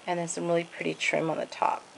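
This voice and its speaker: A woman's voice: lowish voice, monotone, fast talker, vocal fry, heavy background noise. Gushing woman showing off craft pages. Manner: gushing, many fillers and "and then". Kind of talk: casual show-and-tell.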